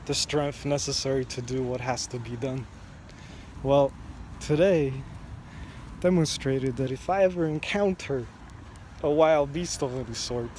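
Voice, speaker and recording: A man telling a personal story in a slow, reflective vlog, recorded outdoors near a street. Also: mid-range voice, a little mellow, slight background noise. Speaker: vlogger.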